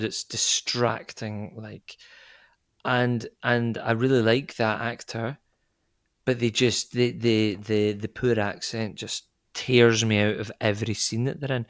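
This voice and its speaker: A Scottish actor answering an interview question in a casual, rambling way, often correcting himself and laughing. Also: male voice, medium pitch, no echo, studio quality. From Scotland. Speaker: actor guest.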